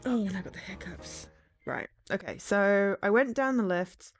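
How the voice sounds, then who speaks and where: A woman's voice: medium pitch, animated, moderate pace, over music. A young woman streaming a puzzle game, chatting casually and thinking aloud about where to go next. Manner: chatty, self-deprecating, thinks aloud while playing. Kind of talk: casual gameplay co-stream chat.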